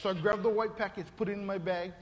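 A man's voice: sits high, fairly even intonation, quick pace, very noisy. A man, a pastor telling a comic story in a sermon, acting out voices and laughing often. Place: church hall. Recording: long reverb of a large hall.

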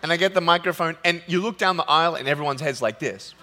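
A man speaking from a stage in a large hall, telling funny stories in an animated sermon. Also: a little high, quick pace, slight background noise. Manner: animated, jokey, acts out quotes. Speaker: motivational speaker. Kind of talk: humorous sermon storytelling. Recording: long hall reverb.

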